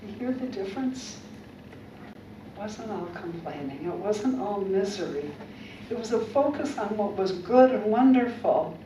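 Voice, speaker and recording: A woman's voice: mid-range voice, lively intonation, measured pace, dark tone. A woman minister giving an upbeat, conversational sermon and leading the congregation in affirmations, recorded from far off in a church sanctuary. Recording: roomy church sound from far off, noisy.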